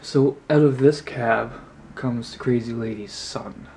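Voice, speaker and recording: A man's voice: medium pitch, vocal fry, a little mellow, slight background noise. A man vlogging, telling a story casually to camera in a rambling way with lots of filler words. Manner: rambling, heavy on "you know" fillers.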